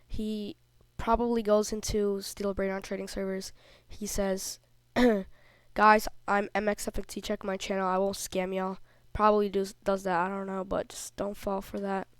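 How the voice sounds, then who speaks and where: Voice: mid-range voice, little pitch movement, normal speed, clear, resonant tone, no room sound. A young kid, not yet through puberty, telling a rambling, indignant story in a casual vlog while a little sick. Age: child, before puberty. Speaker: video creator. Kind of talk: casual vlog commentary over screenshots.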